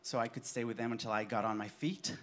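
A man performing autobiographical cabaret storytelling on a live stage, animated and laughing through his lines. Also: medium pitch, quick pace, slight background noise.

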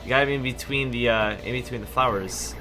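Man, casual co-op gaming chat, laid-back quips, very bright tone, faint music behind. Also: medium pitch, fast. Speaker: co-op gaming partner. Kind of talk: casual co-op gameplay commentary.

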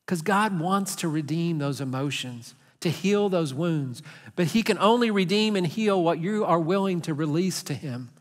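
A man's voice: fairly high pitch, expressive, moderate pace. A middle-aged man with a Texan accent preaching a sermon as pastor, earnest and conversational, sometimes acting out voices for humor. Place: large church sanctuary. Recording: long hall reverb.

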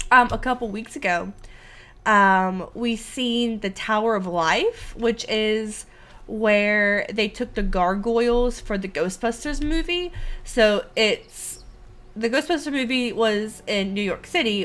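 A woman streamer chatting casually and reacting out loud as she plays a horror game. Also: mid-range voice. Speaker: gaming streamer. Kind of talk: casual let's play commentary.

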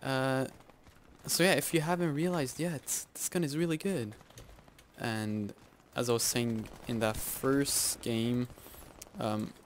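A man giving live gameplay commentary, excitable and self-mocking, yelping and groaning as he plays. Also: medium pitch, slow, a little hiss or hum. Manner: excitable, yelps and groans at in-game deaths; self-mocking, joking asides. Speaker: video game YouTuber. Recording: loud game gunfire under the voice.

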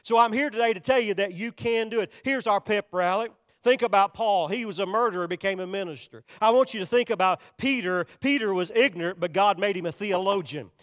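A man's voice: high-pitched, brisk, hardly any pauses, fairly bright tone. A male pastor preaching a sermon, emphatic and repetitive, pressing his points directly on the congregation. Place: church sanctuary. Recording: long reverb of a large church sanctuary.

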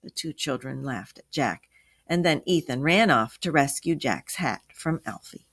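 A woman reading a children's science story aloud, giving the characters expressive, lively voices. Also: rumbling low, unhurried.

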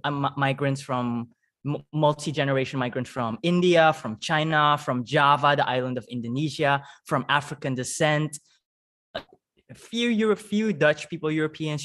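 Higher-voiced man from Suriname. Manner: expressive, laughs easily while telling stories. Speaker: guest. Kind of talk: casual conversational storytelling.

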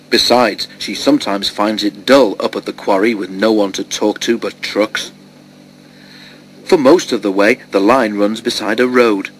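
A man narrating a children's storybook in a steady, clear reading voice. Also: lowish voice, slight background noise. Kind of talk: storybook read-aloud.

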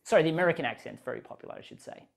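A man's voice: fairly high pitch, animated, racing, gravelly. A man in his thirties with an Australian accent, a podcast guest talking in a casual interview with lots of restarts and "you know".

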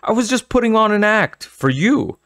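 A man voicing a scared, whiny little boy with high, panicky pleading in an audiobook. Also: big pitch swings, moderate pace, fairly bright tone, dry recording, clean studio sound, heavily acted. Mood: defensive. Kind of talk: audiobook character voice.

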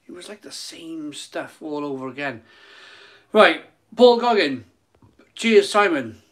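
A man hosting a casual live stream from his phone, repeating phrases and stumbling over words. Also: on the high side. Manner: excited hyping, then soft and emotional.

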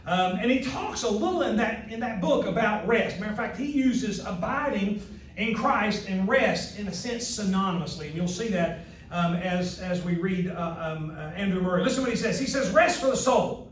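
A male Bible college instructor giving a recorded lecture, reading quotes slowly with earnest asides and restarts. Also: high voice, slight background noise. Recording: very echoey room, mic at a distance.

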